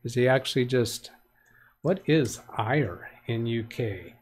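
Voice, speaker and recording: A man's voice: mid-range voice, animated, slow pace, slightly rough. A man hosting a live tech help stream. He reads viewer comments aloud in a rambling way, corrects himself often, and gives plain practical advice. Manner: rambling, with frequent self-corrections and restarts.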